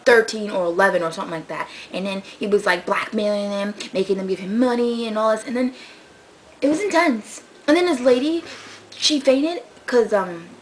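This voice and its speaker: Rambling excitable young woman vlogger. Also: mid-range voice, brisk, a little hiss or hum, poor audio. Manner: excitable, rambling storytelling with many fillers; swings from loud outbursts to muttered asides. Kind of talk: casual vlog chat.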